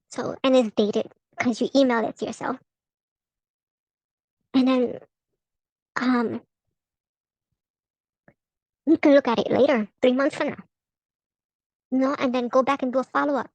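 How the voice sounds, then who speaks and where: A woman's voice: high-pitched, vocal fry, a little mellow, dry recording, poor audio. A woman vlogging about a tarot reading, profane and heated, laughing between rants. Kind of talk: casual ranting vlog.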